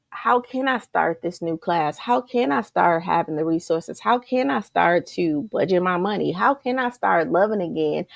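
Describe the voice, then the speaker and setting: Woman, motivational coach, energetic, rhetorical questions, raspy fry in the voice, dry room. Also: lowish voice, dry recording. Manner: energetic, repetitive, rhetorical questions, keeps saying "you guys". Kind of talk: live motivational talk to an online group.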